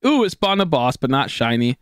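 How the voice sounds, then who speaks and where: A man's voice: mid-range voice, very animated, brisk, clear, resonant tone, no echo, studio quality. A young man streaming a video game, chatting casually with viewers in a rambling, profane, joking way. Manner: jokey, goofing with chat.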